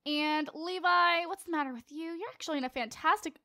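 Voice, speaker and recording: A woman's voice: extremely high pitch, a little fast, sharp tone, no room sound, studio quality. A teenage girl giving casual, playful commentary as she plays a life-simulation game, chatting and joking with her viewers. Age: late teens. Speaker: let's play host.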